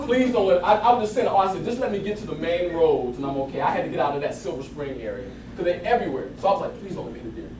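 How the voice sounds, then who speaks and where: A man giving a lively motivational talk to a live audience, telling stories and laughing as he goes. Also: sits high, rapid-fire, few pauses. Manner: animated, laughing storyteller. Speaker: motivational speaker. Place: event hall with audience. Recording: roomy, distant mic with crowd.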